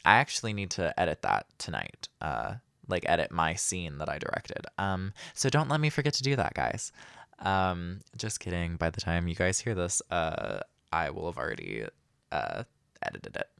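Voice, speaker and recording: Young man, casual podcast monologue, rambling, low lively voice, dry close sound. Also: normal speed, vocal fry, smooth, no echo. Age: young adult. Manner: rambling and self-deprecating, many fillers. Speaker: podcast host.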